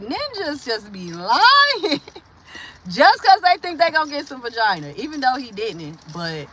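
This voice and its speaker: Animated woman host, bright lively voice. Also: on the high side, slight background noise. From Milwaukee, US. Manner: rambling and animated, laughs often, acts out quoted voices. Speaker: livestream host. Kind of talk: casual livestream chat reading viewer comments.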